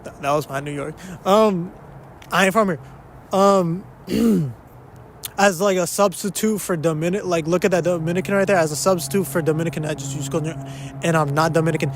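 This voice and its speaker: Rambling high-voiced young man. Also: a little hiss or hum. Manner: rambling, self-interrupting, sprinkles in curse words; switches between English and Spanish. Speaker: podcast host. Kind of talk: solo casual chat. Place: a spot in an uptown neighborhood of a big city.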